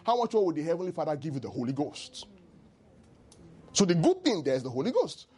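A man preaching a sermon as pastor, animated and teasing, leading the congregation in call-and-response. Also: fairly high pitch, brisk, slightly rough.

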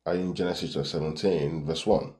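A man's voice: extremely low pitch, steady tone, fast talker, darkish tone, echoey room. A man preaching a Bible-study sermon to a church class, reading scripture aloud and repeatedly checking in with "right?".

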